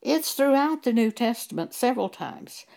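A woman delivers a preaching monologue, her voice gravelly and rough at the edges. Her pitch swings widely as she presses rhetorical questions and cites scripture with emphasis. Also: lively intonation, normal speed, darkish tone. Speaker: Bible teacher.

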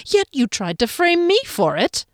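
Defiant young swordswoman, read by a woman, sharp and accusing, dry close sound. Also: high-pitched, big pitch swings, measured pace, no echo, voice pushed up. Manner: sharp, accusing, rising to shouts. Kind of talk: audiobook character voice.

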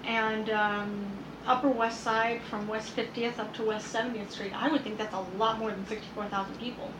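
Woman, casual home chat, fairly high voice, filler-heavy, echoey room, noticeable background noise. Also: little pitch movement, normal speed. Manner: chatty, reads news aloud with many fillers. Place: at home, indoors.

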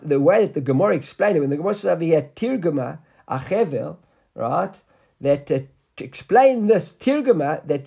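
Husky high-voiced man teaching Talmud. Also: mellow. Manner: explains step by step, often asks "right?" to check students follow; mixes English with Hebrew and Aramaic terms. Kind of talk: Talmud class lecture.

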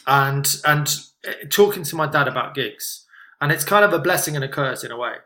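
Bright-voiced comedian chatting. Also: male voice, fairly high pitch, lively intonation, brisk. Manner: rambling, frequent restarts and "do you know what I mean". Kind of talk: casual podcast chat.

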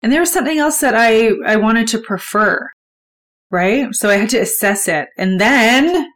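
A woman's voice: on the high side, moderate pace, fairly bright tone. Candid, swearing woman podcaster. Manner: candid, swears freely, conversational. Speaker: podcast host. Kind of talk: solo motivational podcast talk.

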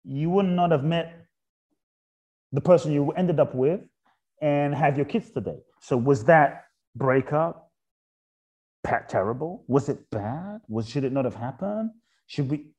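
A man with a slightly high, warm, mellow voice reflects aloud as a guest in a spiritual conversation. His pitch moves in lively sweeps as he keeps returning to rhetorical questions. On his key points he drops soft and slow. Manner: poses repeated rhetorical questions.

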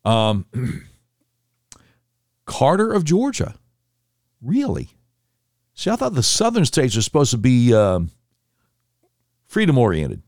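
Indignant man with a lively voice. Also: medium pitch, slow, long pauses, dry recording, clean studio sound. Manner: indignant and sarcastic. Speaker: political commentator. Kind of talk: reading a vote list with commentary.

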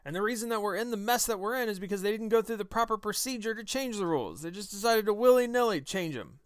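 A man's voice: high-pitched, lively intonation, quick pace, smooth, dry recording, studio quality. Combative man hosting a political podcast. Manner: combative, sarcastic, emphatic. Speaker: podcast host. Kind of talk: political commentary monologue.

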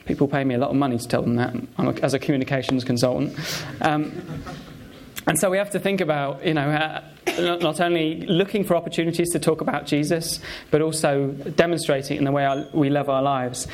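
A man preaches in a relaxed, conversational way. He pauses often and restarts his phrases, with lots of fillers. His voice sits a little higher than most men's. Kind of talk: sermon with personal stories.

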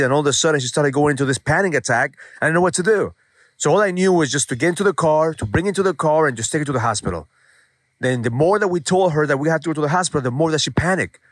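A man's voice: medium pitch, fairly bright tone, no echo. A man in his forties hosting a daily motivational show, telling a personal story and urging listeners on in an earnest, emphatic way, with some swearing. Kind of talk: motivational monologue.

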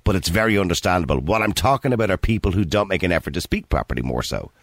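A man's voice: low voice, expressive, racing, dry recording, clean studio sound. A man with a Dublin accent hosting a phone-in radio show, chatty and teasing with callers. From Ireland. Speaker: radio host.

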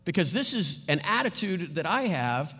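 A man's voice: high-pitched, big pitch swings, normal speed, pushed and bright, slightly rough. A man preaching a sermon as pastor in a conversational way, often checking in with his listeners. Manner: conversational, asks "right?" often. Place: church sanctuary. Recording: long hall reverb.

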